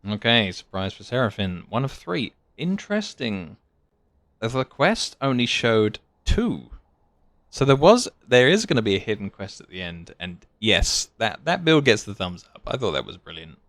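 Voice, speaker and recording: A man giving casual live commentary as he plays a video game, thinking aloud with excitable outbursts. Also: lowish voice, normal speed, dry recording. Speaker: gaming channel host.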